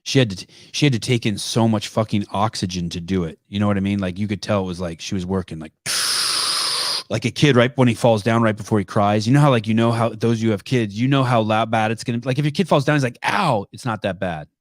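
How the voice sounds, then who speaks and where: Low-voiced profane podcast host, dry close mic. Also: male voice, fast, few pauses, no echo. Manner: loose, profane, rambling storytelling; laughs easily. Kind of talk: casual call-in podcast chat.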